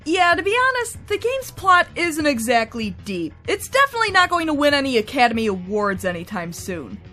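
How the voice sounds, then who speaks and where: A woman narrates a game review with a high, bright voice. Her delivery is wry, chatty and full of swings in pitch, with faint music under her. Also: sing-song, fairly quick.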